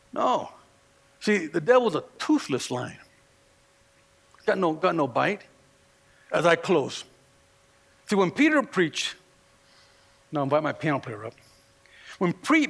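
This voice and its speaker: A man preaching a sermon in a strikingly high voice with a gravelly edge and a sharp, forceful bite. He swings between hushed, low passages and shouted climaxes, stammering and restarting as he builds. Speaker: pastor.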